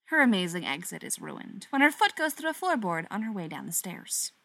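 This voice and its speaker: Woman narrator for a read-aloud story; wry, animated delivery, dry close mic. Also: medium pitch, a little fast, gravelly, no room sound. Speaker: reader. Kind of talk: reading fan fiction aloud.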